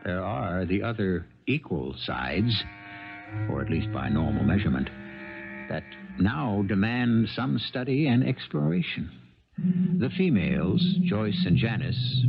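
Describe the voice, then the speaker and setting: A man hosting a 1970s radio drama, musing aloud in a measured storytelling manner. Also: low voice, vocal fry. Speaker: host. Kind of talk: radio drama host commentary. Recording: dull 1970s radio broadcast over music.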